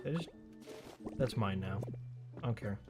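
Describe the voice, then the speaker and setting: A man's voice: lowish voice, animated, a little slow, dark tone, faint music behind. A man chatting and joking while streaming a video game live. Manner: chatty, jokey, exclaims at the game. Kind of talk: casual live gameplay commentary.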